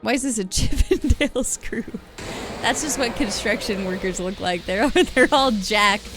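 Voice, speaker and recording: A woman's voice: fairly high pitch, unhurried, over music. A young woman chatting casually while she plays a game live, giggly and self-deprecating. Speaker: streamer. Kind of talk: casual live gameplay commentary.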